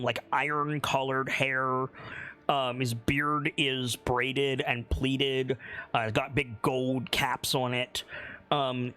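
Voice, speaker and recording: Slow-talking man narrating a game. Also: medium pitch, bright, forceful tone. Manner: unhurried, many fillers and restarts. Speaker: game master.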